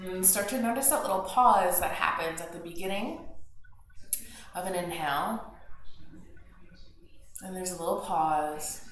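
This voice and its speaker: Gentle yoga teacher in an echoey home. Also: female voice, lowish voice, unhurried, long pauses. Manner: gentle, soothing, chatty asides. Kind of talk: guided yoga class instruction. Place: home yoga studio next to kitchen. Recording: very echoey home room with faint household noise. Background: household noise, TV news and dishwasher.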